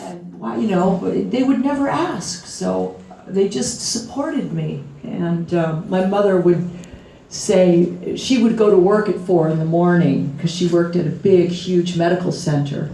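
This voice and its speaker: Laughing, unhurried woman in an echoey venue. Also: on the low side, warm tone, a little hiss or hum. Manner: laughing, chatty storyteller. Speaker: author at a book launch. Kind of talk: storytelling talk on stage. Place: music venue before a live crowd. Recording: echoey room from far off.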